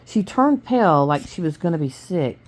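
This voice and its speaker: A woman reading a novel aloud, steady with small stumbles. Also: lowish voice, normal speed, a little hiss or hum. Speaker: reader.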